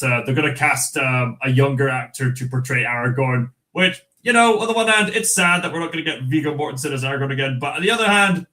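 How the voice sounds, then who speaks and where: A young Scottish man hosting a casual livestream, halting and full of fillers, answering chat comments and reading from a magazine. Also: medium pitch, fairly bright tone, low-quality recording. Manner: rambling, halting, with many fillers and restarts. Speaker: livestream host.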